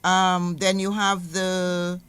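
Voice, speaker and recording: A woman's voice: on the low side, completely flat delivery, a bit bright, clear, resonant tone. Patient woman teaching sounds. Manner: slow, patient, repeats example words. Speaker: guest language teacher. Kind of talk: explaining pronunciation on radio. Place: radio studio.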